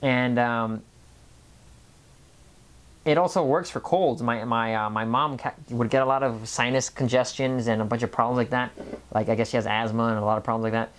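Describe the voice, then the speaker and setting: A casual vlog voice of middling pitch, rambling along and tripping over its own restarts. The speaker repeats words and jumps between thoughts, in a loose, unscripted monologue about everyday experience. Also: steady tone, normal speed. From Mexican family background. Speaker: health vlogger.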